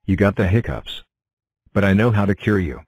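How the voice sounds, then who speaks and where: A woman with an extremely low voice speaks calmly and reassuringly in a kids' cartoon. She explains things patiently, and her voice sounds dry and close to the mic. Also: moderate pace, slightly rough, no echo. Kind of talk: cartoon voice acting.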